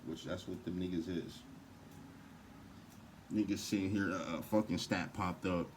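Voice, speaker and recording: Deep-voiced man ranting profanely. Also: fairly even intonation, measured pace, a little hiss or hum. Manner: profane, heated and rambling. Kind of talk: casual rant to camera.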